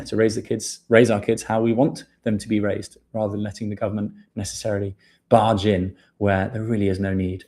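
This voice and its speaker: This livestream host speaks in a fairly low, warm voice. He keeps things relaxed, reading viewer questions aloud and addressing people as mate.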